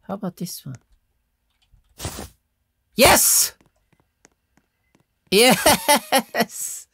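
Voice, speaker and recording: A woman giving excitable let's-play commentary, yelping and giggling as she plays. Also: fairly high pitch, drawn-out words, slightly rough. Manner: excitable, yelps and giggles while playing. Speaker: gamer.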